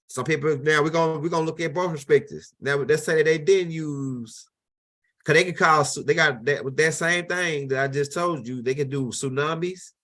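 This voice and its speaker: A man's voice: mid-range voice, fairly bright tone. A man hosting his own channel, talking casually and animatedly over video clips, rambling with many restarts. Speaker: host.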